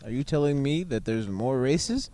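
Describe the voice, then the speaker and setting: A man's voice: medium pitch, expressive, normal speed, dark tone. A young man chatting casually outdoors on a rooftop, joking and laughing often as he guesses. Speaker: co-host guessing ancestry results. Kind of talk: casual banter.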